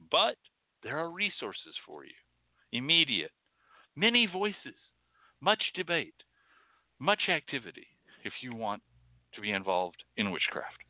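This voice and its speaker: A man's voice: medium pitch, dry recording. Profane ranting man on a tinny line. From Texas. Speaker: podcast host. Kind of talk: impassioned monologue. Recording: dry, tinny phone-like sound.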